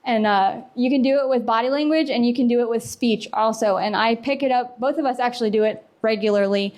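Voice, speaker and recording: Brief: young woman, slightly high voice, casual chatty conference speaker, laughs easily. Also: a little fast, a little mellow. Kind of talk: conference talk. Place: conference hall.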